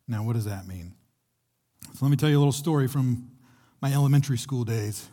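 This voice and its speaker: A man's voice: medium pitch, moderate pace, warm tone. A young man preaching a sermon in a conversational way, restarting phrases as he goes. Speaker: pastor.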